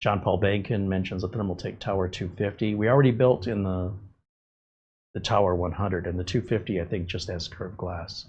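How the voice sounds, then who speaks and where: A man's voice: deep voice, fairly even intonation, moderate pace, darkish tone, husky, lo-fi sound. A man hosting a casual livestream, ranting with exasperated sarcasm. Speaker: livestream host.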